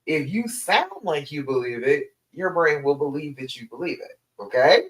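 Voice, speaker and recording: A woman's voice: sits low, animated, moderate pace. A woman relationship coach giving a direct, emphatic live stream talk to her listeners. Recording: echoey room.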